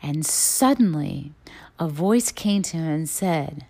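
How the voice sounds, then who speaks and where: A woman's voice: expressive, takes it slowly, vocal fry, mellow. A woman giving an earnest sermon-style teaching and closing prayer, sometimes raising her voice to act out quoted speech. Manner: earnest, acts out quoted voices with rising pitch. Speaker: teaching minister.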